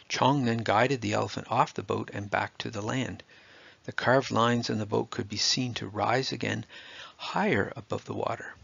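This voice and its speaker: A man with a gravelly, husky voice reading a children's story aloud in a steady, expressive way. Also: lowish voice, dry recording. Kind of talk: scripted storybook narration. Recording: dull lo-fi dry recording.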